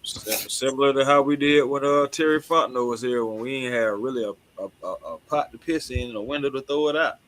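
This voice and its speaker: Bright-voiced laid-back man talking sports. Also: medium pitch, fairly quick, few pauses, poor audio. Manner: laid-back, slangy, agreeable. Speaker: sports show co-host. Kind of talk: casual sports talk.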